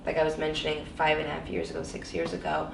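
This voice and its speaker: Fast and animated, her low, creaky voice tells a personal story as an interview guest, earnest and reflective, with "you know" coming up often. Recorded from afar and a bit off-mic, the sound includes roomy echo, faint ambience and a touch of hiss or hum.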